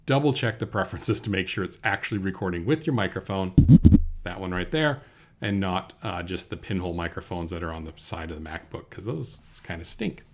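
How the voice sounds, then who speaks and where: A man with a gravelly, slightly low voice teaches a computer recording lesson. He talks through each step in a relaxed, unhurried way, with plenty of fillers. He speaks into a desk microphone in a room indoors. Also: a little hiss or hum. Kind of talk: screen-recorded software tutorial. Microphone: USB desk microphone.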